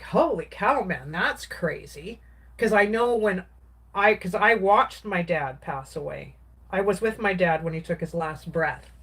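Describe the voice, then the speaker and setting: A woman's voice: mid-range voice, fairly bright tone. A woman, a craft vlogger, casually recounting a personal story in a rambling way, with many restarts and filler words.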